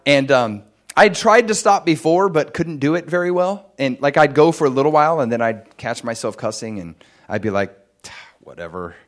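A man preaching a sermon, telling his own testimony in a lively storytelling way. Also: a little fast. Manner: animated storytelling, jumps much higher and louder in excited moments.

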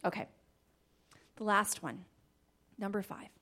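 A woman giving a faith-based talk on marriage, animated, laughing often and dropping into soft asides. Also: medium pitch, takes it slowly. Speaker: Christian marriage teacher.

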